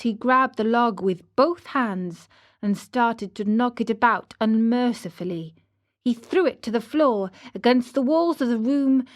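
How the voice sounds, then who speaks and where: A woman reading a fairy tale aloud clearly and deliberately for English learners. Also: on the high side. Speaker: storyteller.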